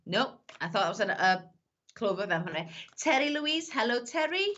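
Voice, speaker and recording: Her voice leans high with big pitch swings, a fairly bright tone and normal speed, though the highs are cut off. She's a psychic medium on a live stream, chatting affectionately, greeting viewers, reading for them and calling everyone "my lovely."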